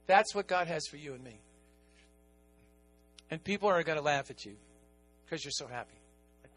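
A middle-aged man preaching a sermon as pastor, animated, moving from quiet asides to excited emphasis. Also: high-pitched, moderate pace, long pauses, faint music behind.

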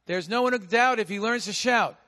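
A man preaching a sermon as pastor, with a big voice that swings from shouting to hushed asides. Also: high voice, brisk, long reverb tail. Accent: American. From United States.

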